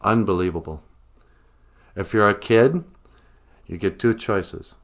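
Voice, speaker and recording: Slow, low-voiced deadpan man. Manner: mock-serious, deadpan. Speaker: comedian vlogger. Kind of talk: satirical monologue.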